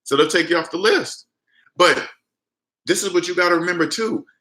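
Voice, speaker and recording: Blunt, bright-voiced man in an echoey room. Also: high-pitched, moderate pace. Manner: emphatic, blunt, repetitive restarts. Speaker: personal finance vlogger. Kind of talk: casual lecture to the camera. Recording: roomy echo.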